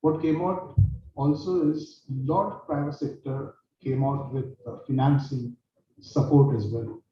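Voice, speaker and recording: A man giving a formal conference speech, halting with many fillers. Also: mid-range voice, fairly even intonation, a little hiss or hum. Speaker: utility executive speaker. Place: conference hall. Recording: distant echoey dull hall mic.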